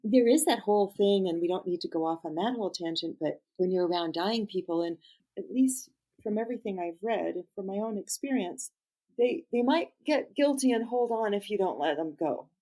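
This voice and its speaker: A woman coach speaks as a guest in an interview, and her tone is mellow and warm. She answers gently and thoughtfully, in a measured way. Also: mid-range voice, lively intonation, low-quality recording.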